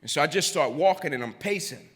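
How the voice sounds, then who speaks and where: A man giving a motivational keynote, telling his story dramatically and using repetition to build tension, with sudden drops to a hush. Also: on the high side, expressive, fast. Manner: builds intensity with repetition, swings between loud and hushed. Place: large event venue on stage. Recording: long reverb of a big live hall.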